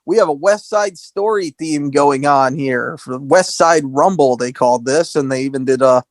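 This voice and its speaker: Animated man recapping wrestling, dry mic. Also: on the high side, moderate pace, no echo. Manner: animated storytelling, acts out quotes in a raised voice. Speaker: podcast co-host.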